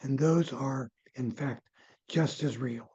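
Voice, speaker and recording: An older man, a near-death researcher and former physician, appears as an interview guest recounting case stories at a slow pace. His mellow, slightly husky voice grows animated, then drops into soft, low asides. The audio is muffled and lo-fi.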